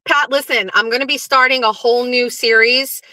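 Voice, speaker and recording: A woman's voice: on the high side, steady tone, normal speed, pushed and bright, dry recording. A middle-aged woman hosting a live show, chatting casually to her viewers, swearing and talking back to the chat. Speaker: livestream show host.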